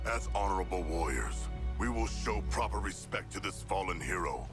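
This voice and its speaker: Game shark-man brute: deep, grave, ceremonial delivery over loud score. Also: animated, moderate pace, music in the background. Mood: solemn. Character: hulking male shark-man brute, solemn and formal. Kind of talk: video game dialogue.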